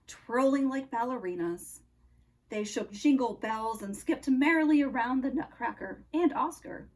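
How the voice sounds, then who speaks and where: A storyteller who also works as a counselor reads a children's storybook aloud slowly and expressively, lingering on dramatic pauses. Her high, husky voice is very lively, rising and falling with each turn of the story. The audio quality is poor.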